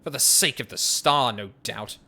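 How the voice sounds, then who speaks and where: A man reading game dialogue aloud as an agitated young male scholar, pitching his voice up and speaking in a strained, accusing way. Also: moderate pace, pushed and bright, slight background noise. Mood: bitter. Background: game music.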